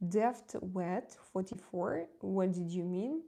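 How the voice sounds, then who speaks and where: A woman's voice: medium pitch, animated, takes it slowly, gravelly, warm tone. A woman tarot reader chatting casually on her live stream, candid and confiding, often hesitating and repeating words as she searches for them. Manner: candid and confiding, laughs easily.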